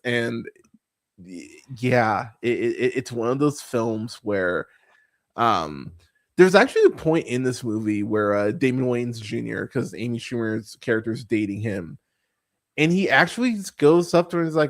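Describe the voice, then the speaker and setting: A man's voice: medium pitch, lively intonation, normal speed. A man hosting a movie podcast, ranting about a film in a casual, profane, exasperated way, often stumbling and repeating words. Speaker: podcast host. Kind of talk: casual movie review rant.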